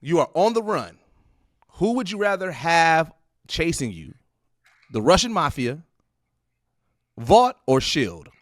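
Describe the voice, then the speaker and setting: A laid-back male host leads a casual interview, his voice a little higher than average. He laughs along easily and reads out his segment questions. The sound is dry and close. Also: big pitch swings, slow, long pauses, no echo. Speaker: podcast host.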